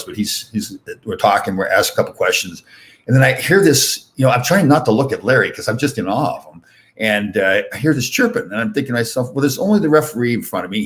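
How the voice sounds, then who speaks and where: An older man in his sixties rattles off stories at a quick clip in a fairly low voice. He tells his anecdotes animatedly, stumbling over restarts. It's relaxed podcast chat. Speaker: podcast host and former pro hockey player. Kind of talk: casual storytelling chat.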